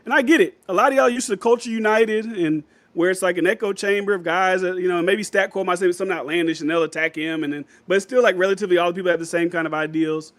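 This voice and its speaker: Chatty high-voiced man streaming. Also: fast talker, hardly any pauses, no room sound. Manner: rambling, laughs often, reads chat comments aloud. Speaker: livestream host reading chat. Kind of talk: casual livestream chat.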